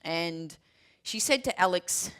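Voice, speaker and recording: A woman's voice: lowish voice, slow, clear, resonant tone. A woman in her forties giving a keynote presentation, telling stories with humour and driving her points home with emphatic repetition. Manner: lively, humorous storytelling with emphatic repetition. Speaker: keynote speaker. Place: large room with a live audience.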